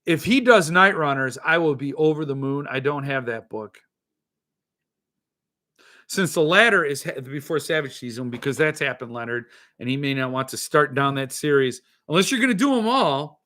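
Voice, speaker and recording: Animated bright-voiced male podcast host. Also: on the high side, normal speed. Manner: ranting, exasperated, animated. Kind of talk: casual solo podcast reading chat comments.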